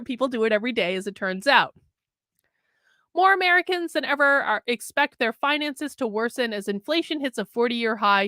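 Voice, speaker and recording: A woman's voice: on the high side, animated, moderate pace, bright, forceful tone, no room sound, clean studio sound. A woman hosting a news commentary show, reading an article aloud and mocking it sarcastically.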